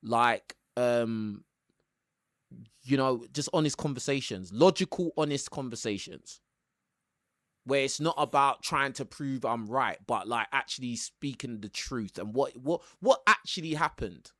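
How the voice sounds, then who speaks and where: A man's voice: mid-range voice, measured pace. A man runs a live call-in show, chatting casually and hammering his points with "bro." The sound is dry and close to the mic, with no room echo. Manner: animated, emphatic, tags lines with "bro". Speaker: YouTube caller-show host.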